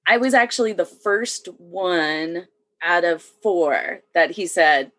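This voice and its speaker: A woman's voice: on the low side, animated, slow, fairly bright tone. A woman in her thirties, a military veteran, talking as a guest in a casual chat and often laughing between sentences. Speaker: podcast guest.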